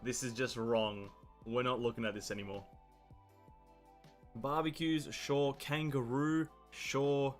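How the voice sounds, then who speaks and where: Australian male streamer, casual and opinionated, mid-pitched voice, curses freely. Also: flat delivery, slow, long pauses, faint music behind. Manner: blunt, profane, opinionated rambling. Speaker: game streamer. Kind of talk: casual live-stream chat.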